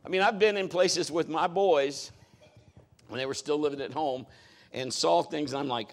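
A man's voice: on the high side, moderate pace. A middle-aged man preaching a sermon as a pastor, talking in a conversational, folksy way with joking asides.

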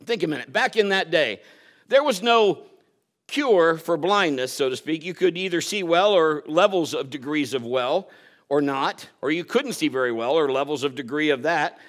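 A man's voice: fairly high pitch, animated, moderate pace, fairly bright tone. A man preaching a sermon, telling a personal story, acting out quotes and laughing at himself.

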